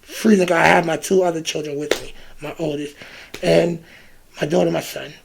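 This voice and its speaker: A man from Ohio telling a personal story in a casual, animated monologue, acting out the exchanges and filling gaps with "da, da, da.". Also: a little high, moderate pace, vocal fry, background noise. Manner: animated, reenacts exchanges, scat fillers like "da, da, da". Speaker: vlogger.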